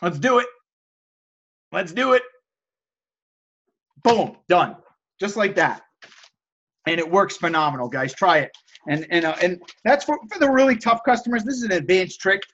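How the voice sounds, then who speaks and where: A man's voice: high-pitched, animated, normal speed, a bit bright, highs cut off, slight background noise. A man hosting a live stream, coaching viewers on negotiation and reading out chat messages in an enthusiastic salesman-like way. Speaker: host of a live stream teaching resale negotiation.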